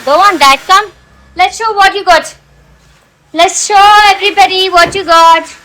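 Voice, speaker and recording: Young mother-vlogger, Indian English accent, high pitch, chatty and coaxing, phone-recorded at home. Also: measured pace, bright, forceful tone, poor audio. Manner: chatty, coaxing her toddler, asides to viewers. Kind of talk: casual home vlog.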